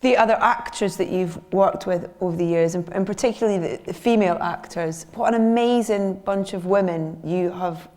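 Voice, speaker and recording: A woman's voice: on the low side, moderate pace, few pauses, a little mellow. A woman interviewing a guest on a theatre stage, with encouraging prompts. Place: theatre stage before a live audience.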